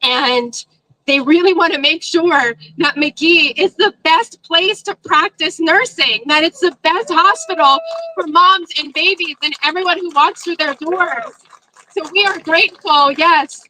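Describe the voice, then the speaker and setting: A woman's voice: very high-pitched, a little slow, bright, forceful tone, rough recording. A woman county executive giving an emotional, fervent rally speech. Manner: emotional, fervent public speaking.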